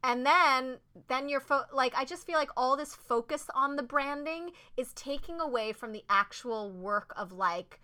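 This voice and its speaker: A stage actress chats as a podcast guest in a bright, clear voice pitched a little high. She speaks earnestly and with feeling, filling in with "like" and restarting her sentences. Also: a little slow, few pauses. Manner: earnest and animated, many "like"s and restarts. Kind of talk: casual interview chat.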